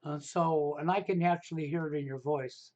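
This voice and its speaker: A man's voice: a little high, steady tone, normal speed, a little mellow, highs cut off. A middle-aged man hosting a live stream, giving emphatic casual advice and often checking in with "okay?". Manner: emphatic, repeats "okay?" to drive points home. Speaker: livestream host.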